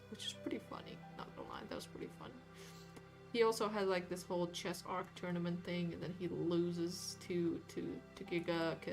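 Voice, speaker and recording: A woman art streamer chatting casually while she paints, rambling with lots of fillers and hedges. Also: fairly low pitch. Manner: rambling, hedging, many fillers and restarts. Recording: music playing behind.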